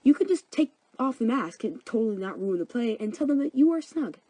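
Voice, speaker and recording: A woman's voice: fairly high pitch, very animated, fairly quick, mellow, dry recording, pitched above the performer's own voice. A woman voicing Bottom, a pompous, know-it-all amateur actor.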